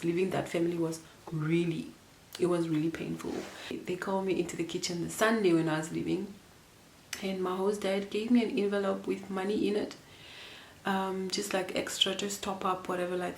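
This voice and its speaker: Low-voiced woman vlogger, roomy sound. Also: steady tone, normal speed, a little hiss or hum. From Namibia. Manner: rambling, emotional, many fillers and restarts. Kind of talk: casual storytelling to camera.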